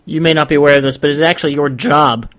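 A man's voice: on the high side, fairly even intonation, fast, a bit bright. Man, wry, playful, casual podcast banter, jokey asides. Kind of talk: casual comedic chat.

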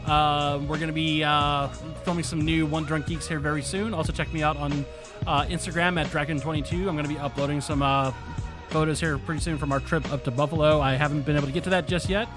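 A man's voice: fairly high pitch, fairly even intonation, fast talker, music in the background. A man co-hosting a podcast in casual chat, rambling and laughing as he retells scenes. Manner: rambling, laughs often, acts out voices. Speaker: podcast co-host.

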